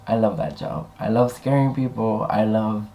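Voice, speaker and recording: A man's voice: lowish voice, normal speed, mellow, low-quality recording. A young man talking casually to a webcam, rambling and swearing as he tells stories. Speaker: vlogger. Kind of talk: casual chat.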